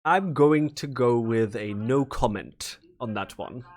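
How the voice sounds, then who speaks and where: A man's voice: medium pitch, darkish tone. Man playing a musing god of stories. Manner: measured, musing. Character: male god of stories, calm and amused.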